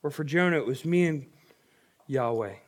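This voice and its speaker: A man's voice: on the high side, animated, normal speed. A young adult man, a pastor, preaching a sermon in an earnest, conversational way and reading scripture aloud.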